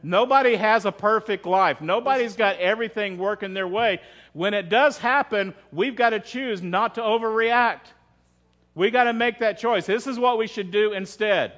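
A man's voice: sits high, a bit bright. A man preaching a sermon as pastor, in a conversational way, often asking the congregation questions and restarting his phrases.

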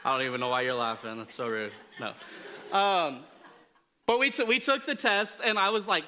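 A preacher with a slightly high, expressive voice speaks at normal speed over a noisy background. His sermon is a casual, conversational story laced with self-deprecating jokes and plenty of fillers and restarts.

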